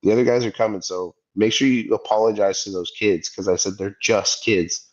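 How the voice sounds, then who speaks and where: This podcast co-host is a man in his thirties whose voice sits on the low side, delivered briskly through a muffled recording. Chatting casually, he spins an animated story and performs the quoted voices of its characters.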